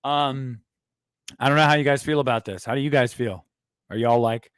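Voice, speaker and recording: A man hosting a casual movie news livestream who rambles and jokes crudely in an animated way. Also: mid-range voice, normal speed, long pauses, clear, resonant tone, no echo, clean studio sound. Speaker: host of a movie news stream.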